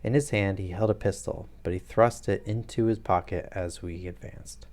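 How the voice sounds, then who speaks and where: A man reading a detective story aloud on a live stream, steady and plain, with the odd joking aside. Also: sits low, moderate pace.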